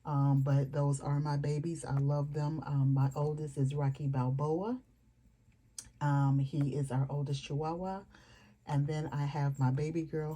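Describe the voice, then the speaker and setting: A woman's voice: low voice, mellow. A woman vlogger chatting casually at home, rambling with fillers and asides about her planners. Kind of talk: casual chat to camera.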